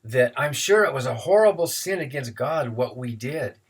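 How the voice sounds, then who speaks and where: A man's voice: medium pitch, animated, moderate pace, slightly rough. A man voicing a nervous teenage boy confessing to a priest, anxious and evasive. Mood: pleading.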